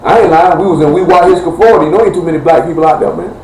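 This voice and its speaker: A man's voice: a little high, very fast, darkish tone. A man preaching an informal, joking sermon in loose street slang. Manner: loose, joking street talk, Southern American. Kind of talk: informal live-streamed sermon. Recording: echoey room with faint ambient noise.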